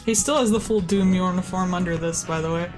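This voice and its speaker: A woman's voice: on the low side, fairly quick, a little mellow, faint music behind. A woman with a light Southern US accent, chatting playfully as she draws on a stream, teasing her partner. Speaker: streaming artist. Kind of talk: casual chat while drawing.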